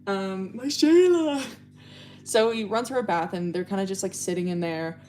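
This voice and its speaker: A woman's voice: mid-range voice, normal speed, dark tone. A young woman livestreaming, casually telling a rambling story with lots of fillers and swearing. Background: faint music playing.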